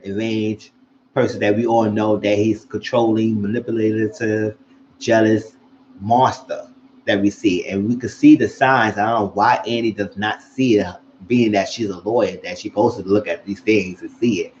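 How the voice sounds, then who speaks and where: A man casually recapping a TV episode, animated and acting out what the characters said. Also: fairly low pitch, dull audio, slight background noise. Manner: animated, acts out characters' lines. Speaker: show recap vlogger.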